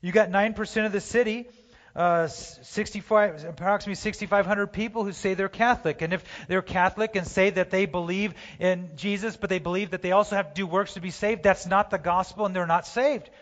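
A man preaching a sermon, impassioned, swinging from loud urging to hushed pleading, recorded in a church sanctuary. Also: high-pitched, fairly even intonation, brisk. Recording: dull, roomy church hall sound.

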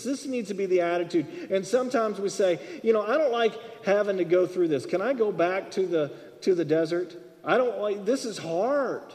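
High-voiced man preaching in a hall. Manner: animated, acts out dialogue with shifts in loudness. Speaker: pastor. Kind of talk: sermon. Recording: long reverb of a hall.

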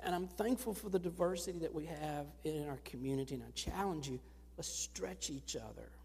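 A man preaching a sermon to his church, earnest and telling stories with lively rises. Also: fairly high pitch, fairly quick, creaky, breathy edge. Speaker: pastor. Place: church sanctuary. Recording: long reverb of a church hall.

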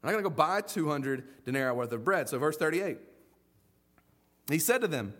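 A man preaching a sermon as pastor, in a lively, folksy way, often acting out the voices of the people in his story. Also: on the high side, fairly quick.

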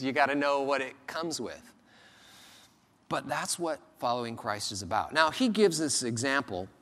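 A man preaching a sermon as pastor, in a conversational, animated way, sometimes acting out the voices of people he quotes. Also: mid-range voice, long reverb tail.

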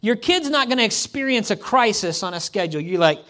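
A middle-aged male pastor delivers a sermon in a chatty style, his high, expressive voice moving briskly with barely a pause and a fairly bright tone. He acts out imagined quotes and repeats lines to drive points home.

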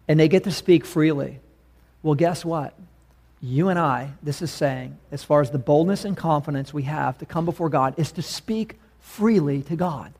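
Male preacher, casual and emphatic, slightly high voice, keeps asking his listeners questions. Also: moderate pace, a little mellow. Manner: conversational and emphatic, asks the congregation questions. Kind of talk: sermon.

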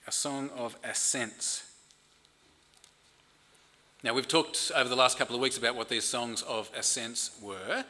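A man's voice: medium pitch, steady tone, measured pace, long pauses, bright, forceful tone. A man preaching a sermon in an earnest way, often repeating words as he builds emphasis. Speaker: pastor.

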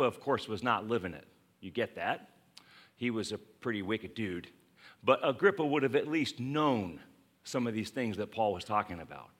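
A man preaching a conversational sermon to his congregation, acting out scripture quotes and laughing along the way. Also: mid-range voice. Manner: acts out scripture quotes in voices. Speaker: pastor.

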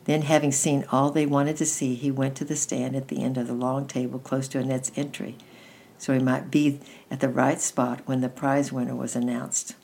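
Storytime reader, woman, unusually deep low voice, gentle steady read-aloud. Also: moderate pace, creaky, husky. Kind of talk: reading a children's book aloud.

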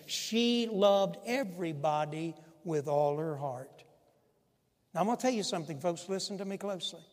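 A man preaching a sermon as pastor, impassioned, swinging from loud pleading to hushed emphasis. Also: high-pitched, big-room sound.

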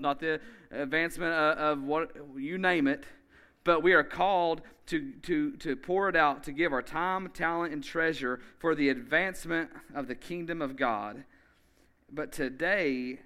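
A man preaching a sermon as pastor, emphatic and energetic, speeding up in bursts and slowly repeating key phrases. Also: fairly high pitch. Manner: energetic, with quick bursts of speech.

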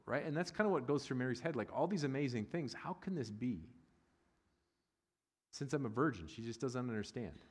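A middle-aged man preaching a sermon as a pastor, conversational and humorous with loud excited bursts. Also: medium pitch, big-room sound.

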